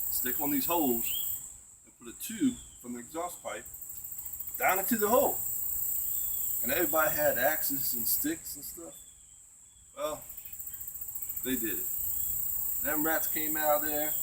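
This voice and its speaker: A man's voice: medium pitch, slight background noise. An older man tells rambling, folksy stories of the old days in a casual chat, often tossing in "right?". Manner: rambling folksy yarn-spinning with tag questions. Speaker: storyteller. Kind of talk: casual outdoor chat, telling old tales. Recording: distant mic, faint crickets.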